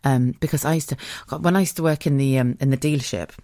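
A woman's voice: a bass voice, fast talker, dark tone, no room sound, clean studio sound. A woman hosting a podcast in casual solo chat, candid and laughing often, swearing freely. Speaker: podcast host.

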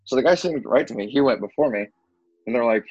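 A man's voice: medium pitch, animated, quick pace, a little mellow, husky, dry recording, dull audio. A young man telling a story to friends in a casual chat, acting out the quotes and swearing freely.

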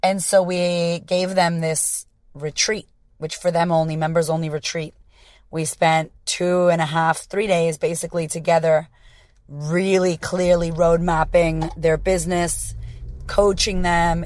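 An American woman with a hoarse, raspy voice from losing it, hosting her podcast as a confidence coach in upbeat, profane, rambling chat. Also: on the low side, level tone, measured pace, darkish tone, no room sound.

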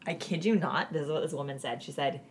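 A woman's voice: deep voice, fast, slight background noise. A woman co-hosting a casual podcast, telling stories and acting out what people said, laughing often. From Canada. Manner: animated storyteller, acts out quotes, laughs often. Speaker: podcast co-host. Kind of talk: casual chat, storytelling.

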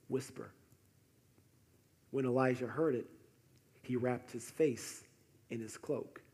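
A man preaching a sermon, animated and conversational, often dropping to softer tones for emphasis. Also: mid-range voice, husky. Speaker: pastor. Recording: echoey hall with faint noise.

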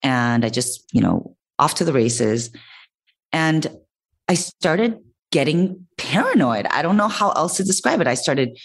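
A young woman telling a personal story in a casual podcast chat, expressive and animated. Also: low voice, unhurried, slightly rough. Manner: expressive, animated, swearing and laughing. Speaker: podcast guest.

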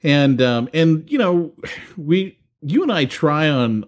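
A man's voice: medium pitch, darkish tone. A man co-hosting a podcast in casual chat, bantering and rambling on as he makes his points. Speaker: podcast co-host.

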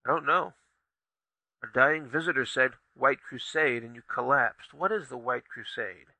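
Man voicing a calm furry tribal leader, storybook, gentle, questioning, gravelly. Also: mid-range voice, a little slow, dry recording, heavily acted, poor audio. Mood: curious.

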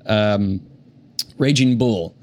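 A man's voice: fairly low pitch, extremely slow, darkish tone. A man hosting a comedy podcast in casual chat, explaining things and laughing at himself. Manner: laughing, self-deprecating, explaining. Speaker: podcast host.

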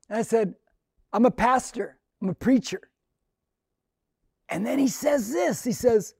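A man's voice: very high voice, animated, unhurried, vocal fry, dark tone, slightly rough, dry recording, clean studio sound. An older male pastor of Mexican heritage telling a story in a conversational, earnest sermon, acting out the dialogue.

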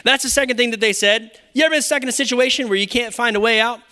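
A young male pastor preaching with a high, bright, ringing voice. He keeps it playful, slipping in jokes and acting out little quotes as he goes. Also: fast, clear, resonant tone. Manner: playful, joking asides and acted-out quotes. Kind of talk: sermon.

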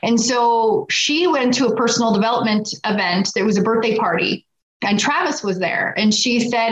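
A woman guest in casual conversation, telling a long personal story with lively quoted voices. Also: on the high side, moderate pace. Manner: animated, acts out quotes. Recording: echoey room, dull lo-fi sound.

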